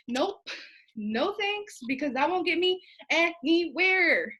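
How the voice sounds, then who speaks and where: Fired-up woman with a high voice. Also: animated, quick pace, bright, forceful tone. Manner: fired-up, rambling, profane and jokey, with asides and laughs. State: sweaty and feverish. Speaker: team leader speaking to her sales team. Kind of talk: motivational live video talk.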